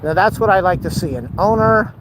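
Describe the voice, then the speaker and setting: Filming a walking vlog on a city street, a man speaks to the camera in a high-pitched, animated voice at a fairly quick pace. Sweating and short of breath, he jokes with self-mocking, playful asides while street noise fills the background.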